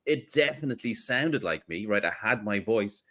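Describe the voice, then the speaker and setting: A man co-hosting a podcast in casual chat, animated and joking, who laughs often. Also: on the low side, moderate pace. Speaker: podcast co-host.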